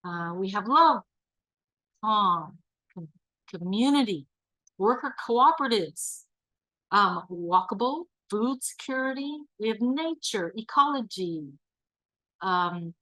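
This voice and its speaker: A woman presenting an online workshop, leading a calm guided visualization and reading audience answers aloud. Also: mid-range voice, slow, long pauses, dry recording, low-quality recording. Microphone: video call.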